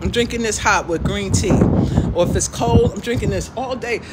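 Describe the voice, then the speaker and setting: A woman hosting a casual livestream outdoors, loud, preachy and joking as she lectures her viewers. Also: medium pitch, moderate pace, very noisy. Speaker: livestream host. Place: outdoors in the sun.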